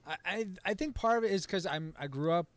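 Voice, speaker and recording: A man's voice: sits high, lively intonation, fast. A man guesting on a podcast, venting in casual chat with mock outrage.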